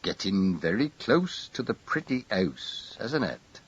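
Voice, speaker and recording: A man putting on a big, easy-going country policeman with a lower, slow, amused drawl. His voice is husky and swings in pitch. The reading is dry and slightly muffled. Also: sing-song, heavily acted.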